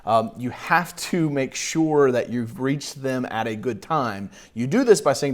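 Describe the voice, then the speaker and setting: A middle-aged sales coach in casual reaction commentary. He talks bluntly and mockingly, swears freely and laughs often. His voice sits at an everyday middle pitch. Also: expressive, moderate pace, few pauses.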